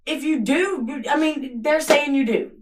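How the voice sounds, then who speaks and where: Her voice sits high and moves at a moderate pace as this woman, whose child is missing, angrily pleads and swears while confronting someone in an interrogation room. The emotional exchange comes from a distant surveillance camera with faint noise.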